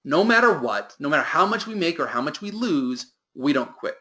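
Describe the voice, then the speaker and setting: A man's voice: a little high, very animated, normal speed, pushed and bright. A man giving a motivational sales training talk to a team, with emphatic delivery that lifts and drops.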